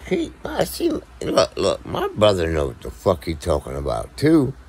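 Deep gravelly man, blunt and profane. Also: huge pitch swings, moderate pace, darkish tone. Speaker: podcast co-host. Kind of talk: casual monologue to viewers.

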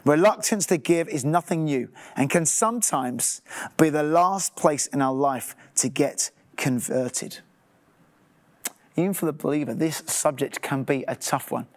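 A man's voice: a little high, unhurried. A man, a pastor preaching a sermon earnestly and sometimes acting out his listeners' thoughts.

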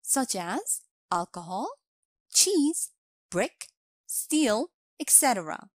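A woman reads a scripted grammar lesson at a slow, careful pace. Her pitch sits a little high and moves up and down a lot. The recording is dry and close. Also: very animated, no echo. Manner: slow, clear instructional delivery. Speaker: English teacher.

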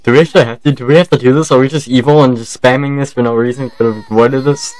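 A man's voice: mid-range voice, fairly even intonation, rapid-fire, darkish tone, no room sound. A man streaming a co-op game, making dry, mumbled asides in casual commentary.

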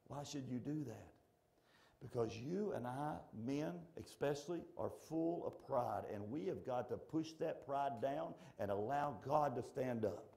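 A middle-aged male pastor preaching a folksy, animated sermon in church that swings from shouting to hushed. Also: medium pitch, unhurried, creaky.

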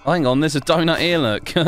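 Excitable man playing a game. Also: a little high, a little fast, soft background music. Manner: chatty, excitable, exclaims and laughs often. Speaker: gaming YouTuber. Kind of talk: casual gameplay commentary.

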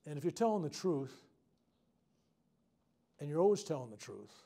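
Animated storytelling reverend, a man. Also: on the high side, moderate pace, vocal fry. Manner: animated storytelling, loud outbursts at dramatic moments; frank, unscripted, heartfelt. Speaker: reverend leading a self-healing workshop. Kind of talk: storytelling talk to a live group. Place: workshop room with a live audience.

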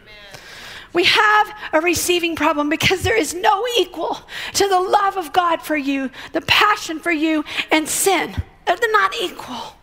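Woman preacher, middle-aged, very high voice, chatty storytelling sermon. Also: unhurried. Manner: animated, conversational storytelling with acted-out quotes. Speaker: guest speaker.

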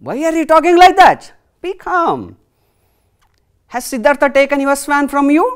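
Woman reading as a firm, calming king, from a classroom play reading. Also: sits high, normal speed, pitched above the performer's own voice. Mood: stern questioning. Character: calm, stern old king on his throne.

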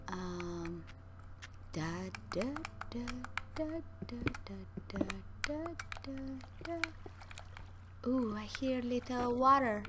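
A young woman chatting casually to her viewers and her dogs while playing a game, playful and talkative. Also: on the high side. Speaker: gaming YouTuber. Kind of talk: casual gameplay commentary. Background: game music.

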